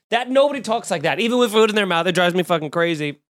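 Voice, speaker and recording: A man's voice: high-pitched, fast talker, hardly any pauses. A man hosting a podcast, ranting with jokes and swearing in casual chat. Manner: animated, profane, joking rants. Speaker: podcast host. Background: eating and drinking at the mic.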